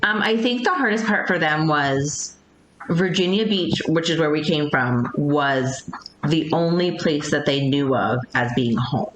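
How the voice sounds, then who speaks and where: Low-voiced woman, hesitant podcast guest. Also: a little slow, slight background noise. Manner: hesitant, many ums and restarts. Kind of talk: casual interview chat. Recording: echoey room.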